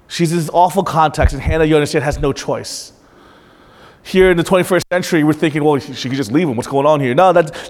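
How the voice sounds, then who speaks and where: A male pastor preaching a sermon in a church, earnest and direct, often putting questions to the congregation. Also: a little high. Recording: reverberant church hall.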